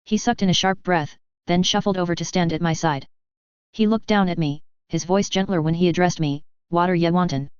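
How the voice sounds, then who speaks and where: Casting: woman narrator for first-person story, playful, low smooth voice, dry close sound. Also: brisk, no room sound. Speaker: audiobook narrator. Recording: dull dry lo-fi audio.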